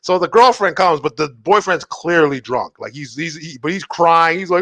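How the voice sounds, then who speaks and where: A man's voice: fairly high pitch, brisk, fairly bright tone, no echo. A young man co-hosting a podcast, telling stories in a casual comedy chat, rambling with lots of fillers and swearing. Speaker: podcast co-host.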